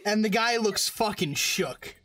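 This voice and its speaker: A woman's voice: mid-range voice, expressive, measured pace, a bit bright, faint music behind. A woman narrating a tabletop game as game master, casual and crude.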